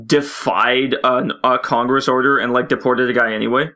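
A young man with a bright, sharp tone talks casually on a podcast. He hesitates and leans on fillers as he speaks. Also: medium pitch, steady tone, normal speed. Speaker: podcast co-host. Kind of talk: casual chat.

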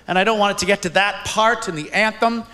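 A man doing stand-up before a live audience, shouting out his punchlines. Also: high voice, fast. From Canada. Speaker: stand-up comedian. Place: stage in a large room with an audience. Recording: echoey live recording with crowd noise.

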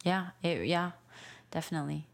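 Woman, 30s, low voice, animated casual storyteller, leans on "like" constantly. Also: normal speed, creaky. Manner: animated storytelling, heavy use of "like". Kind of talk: casual chat.

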